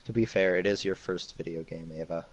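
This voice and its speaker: A man's voice: sits low, fairly even intonation, brisk, breathy edge, poor audio. A man casting a live esports match with laid-back, dry joking commentary.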